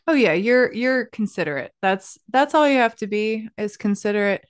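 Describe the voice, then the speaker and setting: A woman hosting a casual podcast interview, relaxed and encouraging, laughing often. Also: a little high, normal speed, clear, resonant tone, no echo, studio quality. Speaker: podcast host. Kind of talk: casual chat.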